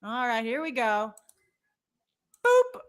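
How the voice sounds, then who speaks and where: High, lively woman chatting movie news. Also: normal speed. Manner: opinionated, reads out viewer comments and polls. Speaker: co-host of a movie news show. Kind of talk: casual entertainment news chat.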